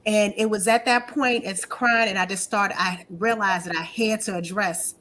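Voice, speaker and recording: A woman with a bright, forceful voice gives emphatic personal testimony. She repeats key phrases to drive them home. There is a faint noise floor. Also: medium pitch, fairly even intonation, normal speed. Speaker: guest panelist. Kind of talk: personal testimony in a panel discussion.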